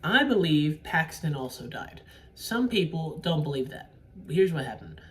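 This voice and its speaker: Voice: mid-range voice, big pitch swings, unhurried. A casual vlogger recapping a movie's ending with spoilers, rambling and swearing, often sidetracked. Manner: rambling, profane, easily sidetracked. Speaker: solo movie reviewer. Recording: distant mic with faint room noise.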